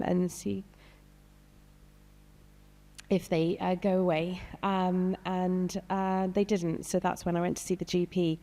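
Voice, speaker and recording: A woman's voice: on the low side, creaky, dark tone. A woman in her thirties, a doctor, speaking hesitantly with many fillers and some emotion on a panel discussion. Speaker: doctor and patient guest. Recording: long hall reverb.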